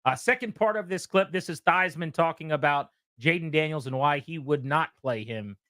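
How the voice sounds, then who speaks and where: A man's voice: on the high side, normal speed, no echo, studio quality. A man hosting sports talk radio, talking emphatically and telling stories with energy. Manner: emphatic, animated storyteller.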